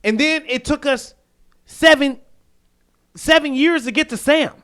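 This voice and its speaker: A man from the American South co-hosting a casual sports podcast, animated and quick to act out quotes and laugh. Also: very high voice. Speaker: podcast co-host.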